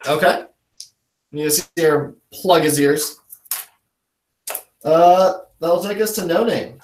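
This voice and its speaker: A man's voice: fairly high pitch, slow. A man running a tabletop game as dungeon master, narrating in a casual, chatty way. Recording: roomy echo.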